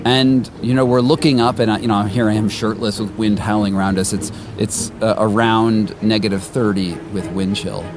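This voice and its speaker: A journalist telling his own story in the first person, halting and restarting as he animatedly recounts events. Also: fairly low pitch, steady tone. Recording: music underneath.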